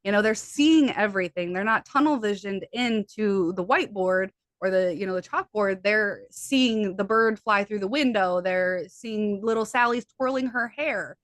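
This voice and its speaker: Fast-talking woman hypnotherapist, dry sound. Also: medium pitch, dry recording. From USA. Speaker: hypnotherapist guest. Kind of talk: conversational interview.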